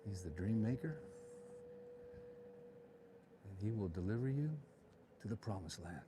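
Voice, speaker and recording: A man's voice: on the low side, lively intonation, a little slow, background noise. A man, a realtor, chatting and joking in opinionated asides while walking outdoors through town streets on a live vlog tour, filmed on a handheld phone.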